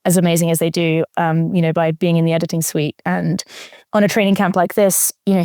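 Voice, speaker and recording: A woman's voice: deep voice, a little mellow, dry recording, clean studio sound. A young adult woman talking casually as an interview guest, thoughtful, with frequent fillers and restarts. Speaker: interview guest, marathon runner.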